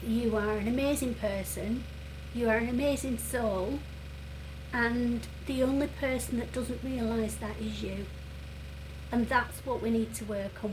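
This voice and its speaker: A woman giving a tarot reading who speaks gently and earnestly, with many pauses and fillers, and who sounds emotional and close to tears. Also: fairly high pitch, background noise. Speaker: tarot reader. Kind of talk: reassuring tarot reading to viewers.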